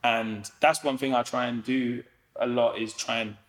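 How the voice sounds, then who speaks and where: A man's voice: mid-range voice, fairly even intonation, moderate pace. Slangy, rambling man. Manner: slangy, rambling, many fillers and "do you know what I mean". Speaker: comedian guest. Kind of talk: casual podcast chat.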